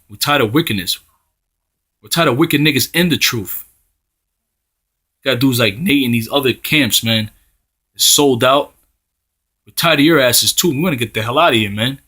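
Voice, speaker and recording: A man's voice: medium pitch, sharp tone, slightly rough. Blunt, profane man preaching heatedly. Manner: blunt and heated, tags "man" onto phrases; reads scripture slowly in old-style wording. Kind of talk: profane street-style sermon.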